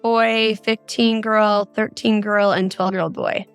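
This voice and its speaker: A woman's voice: medium pitch, steady tone, measured pace, smooth, faint music behind. A woman, a mother of four, recounting a frightening phone call in earnest detail as a podcast guest. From Arizona. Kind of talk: podcast interview, recounting a story.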